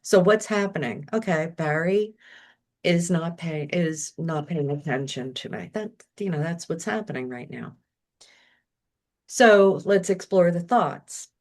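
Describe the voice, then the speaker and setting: Reflective woman with a low voice. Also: unhurried, darkish tone. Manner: reflective, acts out her own inner voice in quotes. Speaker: guest. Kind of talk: casual interview talk.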